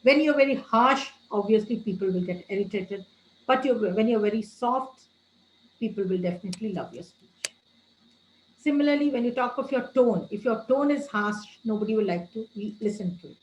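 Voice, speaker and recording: Woman trainer, slightly high voice, lecture delivery with stressed words, echoey room. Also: lively intonation, normal speed. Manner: addresses listeners as friends, gives tips.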